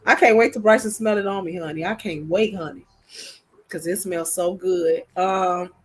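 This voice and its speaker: A woman hosting a casual livestream, chatty and excitable. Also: fairly low pitch, normal speed, a little hiss or hum. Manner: chatty, excitable, drawls and laughs. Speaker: livestream host.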